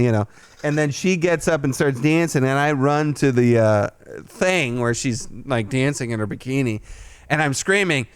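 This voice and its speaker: Animated, swearing male podcast host. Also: moderate pace, clean tone, no room sound. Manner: animated, profane, jumps to a loud high voice when quoting himself. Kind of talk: casual storytelling chat.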